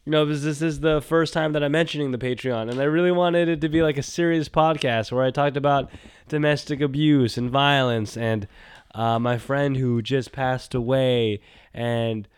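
A man hosting a solo podcast, rambling and animated, talking to himself and swinging from loud bursts to quiet mumbles. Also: medium pitch, moderate pace, clean tone, no echo. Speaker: podcast host.

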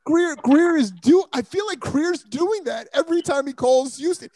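A man's voice: very high-pitched, animated, moderate pace, darkish tone, no room sound. A man hosting a casual sports talk show, joking and laughing often.

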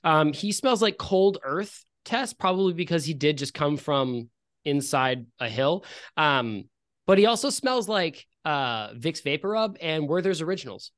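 A woman's voice: deep voice, expressive, unhurried. A woman narrating as game master, rambling and full of fillers. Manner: rambling, hesitant, filler-heavy.

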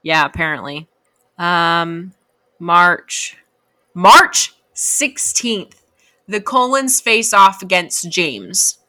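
A woman's voice: fairly low pitch, drawn-out words, bright, forceful tone, no echo. A young woman reading a novel aloud and mocking it in casual, laughing chat. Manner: sarcastic, laughing, mock-gushing.

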